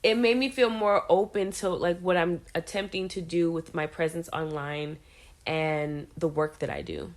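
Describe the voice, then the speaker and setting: Expressive middle-aged woman musing aloud. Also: lowish voice, normal speed. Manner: expressive, reflective, many restarts. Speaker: podcast co-host. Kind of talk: casual chat.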